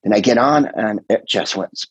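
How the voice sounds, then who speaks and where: A husky middle-aged man with a fairly low voice, chatting casually on a podcast. He rambles through stories, slips into quoted voices and swears freely. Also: normal speed, no room sound, dull audio. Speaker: comedian and podcast host. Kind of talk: casual chat.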